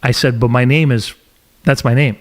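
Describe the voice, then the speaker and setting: A middle-aged man from Montreal hosts a casual podcast chat, recounting a story with lively emphasis. His pitch sits in an everyday middle register. He leans into his points and speeds up when he gets going. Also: normal speed. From Montreal, Canada. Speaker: podcast host.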